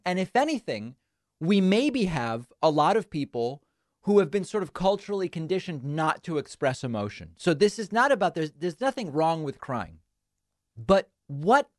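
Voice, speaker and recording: A man's voice: sits high, no room sound, studio quality. A man hosting a political talk show, incredulous and sarcastic, often restarting his sentences, also reading sponsor ads. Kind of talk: solo political commentary and ad reads.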